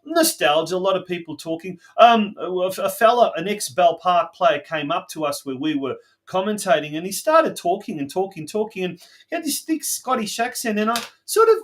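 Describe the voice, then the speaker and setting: A man's voice: high-pitched, animated, moderate pace. A middle-aged Australian man hosting a local soccer podcast, chatting casually with a guest, with plenty of fillers and restarts. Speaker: podcast host. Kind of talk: casual interview chat.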